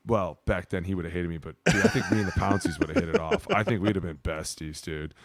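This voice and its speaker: A man in his thirties, a podcast co-host telling stories in a loose, profane, animated way. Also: low voice, fast talker, dry recording. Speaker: podcast co-host, former player. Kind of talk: casual storytelling chat.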